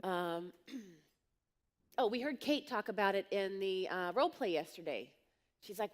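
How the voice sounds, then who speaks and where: A woman's voice: mid-range voice, lively intonation, measured pace, big-room sound. A woman giving a live talk on coaching at a conference, telling stories bluntly and directly and acting out the voices of people she quotes. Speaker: coaching business speaker. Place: large conference hall.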